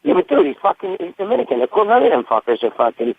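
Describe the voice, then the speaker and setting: A man's voice: high voice, huge pitch swings, racing, vocal fry, slightly rough, no echo. A man co-hosting a crude, casual radio chat, rambling and swearing, always tacking on "you know what I mean.". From United States. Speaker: co-host. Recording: tinny phone-like line, dry.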